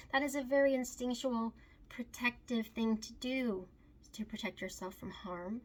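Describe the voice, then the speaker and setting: High-voiced woman in an earnest confessional monologue. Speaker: recovery advocate. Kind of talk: emotional personal monologue.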